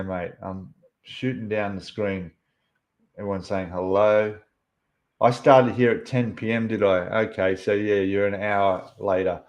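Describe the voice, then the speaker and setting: A low-pitched man hosts a relaxed livestream from his hobby room. He reads viewer names out of the chat and greets each one in a friendly way. He talks with plenty of ums and restarts, and his voice sits a little on the low side. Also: dull audio. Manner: frequent ums and mid-word restarts. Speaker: livestream host.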